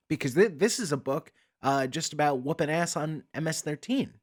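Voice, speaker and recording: A man's voice: fairly high pitch, lively intonation, normal speed. A man hosting a commentary channel, ranting with exasperated sarcasm and often repeating words as he starts a sentence.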